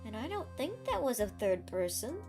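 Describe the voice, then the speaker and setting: A woman voicing a bubbly, upbeat young woman who talks in a cheerful, lively way. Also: a little high, normal speed, over music.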